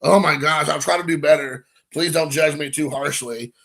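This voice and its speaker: Casting: rambling, excitable male streamer, gravelly edge, bright tone, chatting to viewers. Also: on the high side, moderate pace. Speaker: card collecting channel host. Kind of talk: casual live stream chat.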